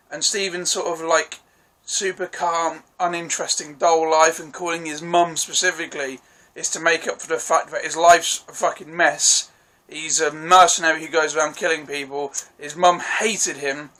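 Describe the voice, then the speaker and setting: A man talks through a TV episode in a loose, chatty review, recapping scenes and apologising as he goes. His voice is bright and forceful, and sits a little high. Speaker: TV show reviewer. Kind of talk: casual spoken review.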